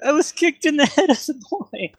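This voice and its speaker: Someone putting on a high whiny dim guard. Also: animated, normal speed. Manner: high, whiny, rambling speech. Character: dim-witted male town guard, nervous.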